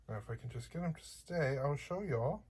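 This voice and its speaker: Husky-voiced playful unboxing vlogger. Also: medium pitch, animated, brisk, darkish tone. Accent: slight accent. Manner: playful, chatty, joking asides to viewers. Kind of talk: casual unboxing chat.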